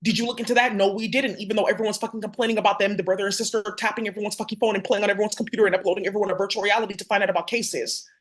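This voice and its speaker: A woman vlogger rants in a fast, confrontational torrent, swearing freely as she speaks straight to her viewers. Her voice sits at an ordinary middle pitch, but her pace never lets up. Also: steady tone. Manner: rapid, profane, confrontational. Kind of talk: heated direct-to-camera rant.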